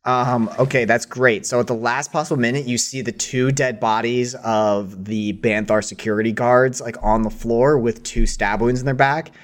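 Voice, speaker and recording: A man's voice: mid-range voice, steady tone, moderate pace, hardly any pauses. A man narrating as game master in casual, hesitant speech full of fillers.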